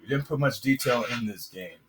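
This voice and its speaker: A man commenting casually on his own gameplay, frustrated, with sudden excited outbursts and shouts. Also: mid-range voice, fairly quick, background noise. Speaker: gamer.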